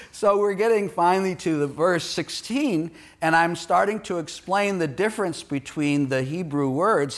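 A man preaching a sermon, emphatic and animated, often asking his listeners questions. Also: on the high side, normal speed. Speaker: pastor.

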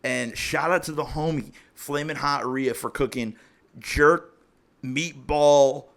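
A man's voice: fairly high pitch, steady tone, slow, gravelly, a bit bright. A man, telling a story in casual, profane podcast chat and acting out the quotes. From Ohio, USA. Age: 30s. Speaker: podcast host.

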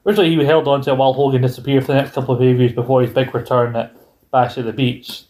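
Guy rambling on a podcast, casual chat, swears a bit, mid pitch. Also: level tone, darkish tone. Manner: rambling, quick asides, swears freely. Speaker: podcast co-host. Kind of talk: casual wrestling history chat.

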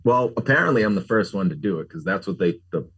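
A man's voice: lowish voice, lively intonation, fast talker, a bit bright, breathy edge. A middle-aged man, a pumpkin carver, chatting casually as an interview guest, rambling with lots of fillers and jokes. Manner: rambling, frequent "like" fillers, jokey.

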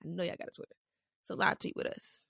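A woman co-hosting a podcast in casual chat, her voice hoarse and raspy, playful and addressing listeners directly. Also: fast, fairly bright tone, no echo, clean studio sound. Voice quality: raspy, husky. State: hoarse, throat feels off. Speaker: podcast co-host.

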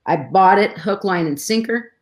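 A woman's voice: medium pitch, normal speed. A middle-aged woman, a guest in a conversation, telling a personal story with emotion and many restarts.

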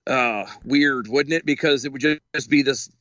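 A man co-hosting a casual commentary show, reading news aloud in a sarcastic, animated way and laughing often. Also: medium pitch, moderate pace, dry recording. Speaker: podcast co-host.

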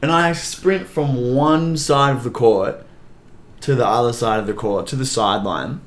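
Animated man telling stories. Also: medium pitch, measured pace. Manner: animated, rambling storyteller who laughs mid-sentence. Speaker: podcast co-host. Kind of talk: casual sports chat.

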